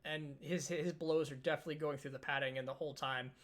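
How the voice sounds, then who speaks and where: A man's voice: fairly high pitch, fairly even intonation, quick pace, a bit bright. A man narrating a tabletop game as game master, casual with many fillers.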